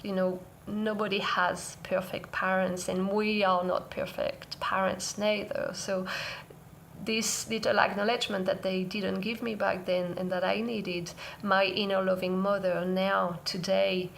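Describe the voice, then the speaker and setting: Woman, vlog talk, heartfelt and soft, creaky voice, slight background hiss. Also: mid-range voice, flat delivery, a little slow. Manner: earnest, soft-spoken, reflective. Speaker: parenting vlogger. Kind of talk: heartfelt personal sharing to camera.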